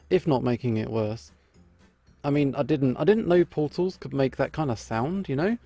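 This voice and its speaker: A man's voice: on the high side, mellow, no echo. A man playing through a story game, reading the narration aloud with playful, amused asides. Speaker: game streamer. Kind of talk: reading a visual novel aloud with commentary.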